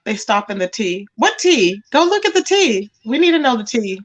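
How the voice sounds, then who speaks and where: Hosting a livestream, this woman talks at a normal speed in a voice on the high side. Her celebrity gossip comes across casual and animated, and she keeps addressing people as "child".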